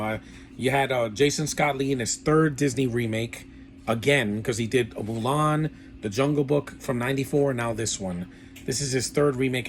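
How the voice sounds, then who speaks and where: A man giving a casual, rambling film review with blunt opinions and lots of fillers. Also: mid-range voice. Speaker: movie reviewer.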